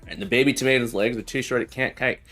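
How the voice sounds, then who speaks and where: A man's voice: medium pitch, fairly even intonation, fast, bright, forceful tone. A man who teaches programming, chatting casually on a live coding stream, telling jokes and often repeating his phrases. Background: faint background music.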